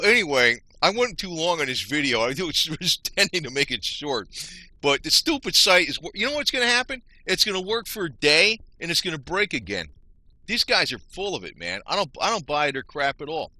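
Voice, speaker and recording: This man's bright, forceful voice is medium in pitch. He's a vlogger on a frustrated, rambling screen-share rant, explaining his screen to viewers he calls "you guys."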